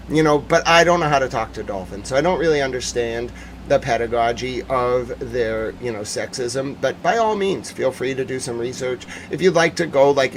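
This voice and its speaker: A man hosting a live news stream talks fast and jokes his way through viewer messages, swinging into mock-serious rants. His voice sits at a middle pitch, and a faint hum of background noise runs under it. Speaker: livestream news host answering chat. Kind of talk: casual livestream chat.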